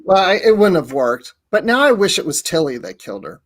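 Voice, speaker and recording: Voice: medium pitch, very animated, brisk. A panelist on a live discussion show, playful and joking, acting out quoted lines. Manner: playful, acts out lines in jokey voices.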